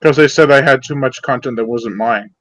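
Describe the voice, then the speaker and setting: A man's voice: mid-range voice, brisk, fairly bright tone, dry recording. A man hosting a casual chat with friends, easygoing and laughing often. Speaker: channel host.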